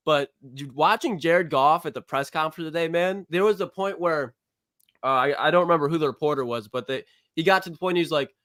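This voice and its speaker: A young man co-hosting a sports podcast in casual, excitable chat, laughing often and ribbing his co-host. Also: on the high side, clear, resonant tone, dry recording. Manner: excitable, laughs often, trash-talking banter.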